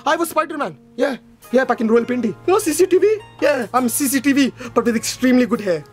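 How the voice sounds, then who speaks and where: A man playing a loud, vain, bossy shop boss, shouting and scolding his staff in a comedy sketch. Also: very high-pitched, animated, fast talker. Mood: bragging. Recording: music playing behind the voice.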